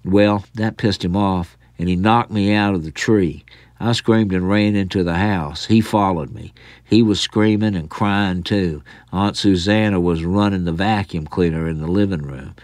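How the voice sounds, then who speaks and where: A man from the American South reads his own short story aloud, narrating in a dry, wry way. His low-pitched voice keeps fairly even intonation at a normal speed, with no echo.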